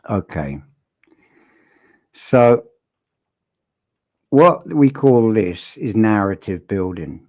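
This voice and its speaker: A man's voice: lowish voice, very animated, very slow, pauses often, darkish tone. A man giving casual, blunt and sardonic commentary that breaks down a recorded interview, often restarting his sentences. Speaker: statement analysis commentator.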